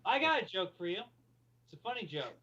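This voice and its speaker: A man with a fairly high voice, a guest in a casual livestream chat, who makes his points bluntly and with dry remarks. His audio is dull and lo-fi, like a remote call. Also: sing-song, fairly quick, sharp tone, husky. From Arizona, US.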